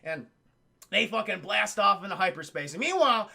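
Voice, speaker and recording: A man streaming live, recapping a film to his chat in a casual, profane, animated way. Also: high voice, a little fast, vocal fry. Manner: profane, animated, laughs often.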